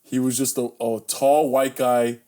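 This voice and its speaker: Young man, casual podcast host, animated storyteller, acts out voices, swears a lot. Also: mid-range voice, a little slow. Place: bedroom.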